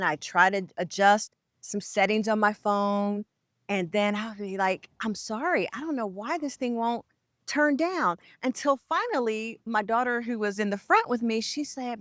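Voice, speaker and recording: A woman's voice: medium pitch, a bit bright, clear, resonant tone, dry recording, clean studio sound. A woman in her forties hosting a self-help video, talking candidly and conversationally to camera with frequent restarts. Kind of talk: casual confessional talk to camera.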